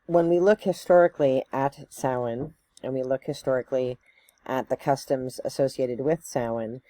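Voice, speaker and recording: A woman's voice: rumbling low, warm tone, no echo. A woman giving a casual educational talk to camera, conversational and loose, with many fillers, tag questions and self-corrections as she thinks aloud. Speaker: spiritual teacher.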